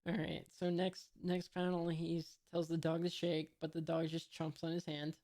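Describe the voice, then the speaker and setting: A woman's voice: sits low, monotone, normal speed, warm tone. A woman casually reading a comic aloud, hesitant with many fillers and unsure asides. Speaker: comic reader.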